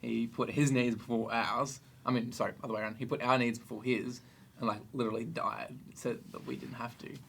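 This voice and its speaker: A man's voice: medium pitch, level tone, fairly quick, creaky, slight background noise. A young man hosting a casual podcast chat as a youth group leader, chatty and easygoing, joking and laughing often.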